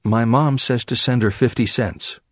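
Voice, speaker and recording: A man voicing a small, stubborn little girl in a high, strained voice. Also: steady tone, moderate pace, breathy edge, dry recording, clean studio sound, close to an everyday voice. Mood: insistent. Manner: meek, then screaming.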